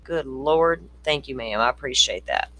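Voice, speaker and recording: A man's voice: mid-range voice, lively intonation, moderate pace, sharp tone, a little hiss or hum. A man hosting a livestream, talking casually to his chat and making blunt, mocking asides about the clip he is showing. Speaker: livestream host. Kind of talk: casual commentary.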